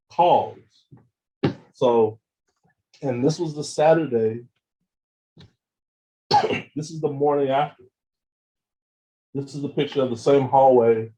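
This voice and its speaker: A man giving a seminar talk with slides, retelling events in an animated way, acting out phone calls and often repeating words as he goes. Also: medium pitch, low-quality recording. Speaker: seminar speaker.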